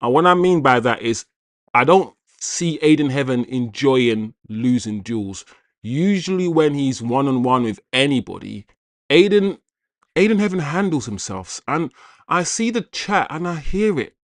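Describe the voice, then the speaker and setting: Excitable man hosting a watchalong. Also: mid-range voice, a little slow, no room sound, studio quality. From Jamaican heritage. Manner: excitable, shouts out viewers, reacts to play. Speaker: football watchalong host. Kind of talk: live match commentary and chat.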